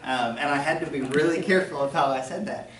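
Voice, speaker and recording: High-voiced Southern preacher in an echoey church. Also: male voice, fast talker, fairly bright tone, far from the mic, a little hiss or hum. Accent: faint Southern American. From American South. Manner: conversational, joking asides, acts out quoted voices. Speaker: pastor. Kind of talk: sermon. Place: church sanctuary.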